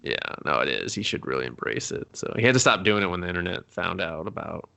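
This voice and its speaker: A man's voice: sits low, sing-song, vocal fry, sharp tone. A man co-hosting a casual movie review podcast, joking and swearing freely as he talks. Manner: joking, swears freely, slips into quick mock voices.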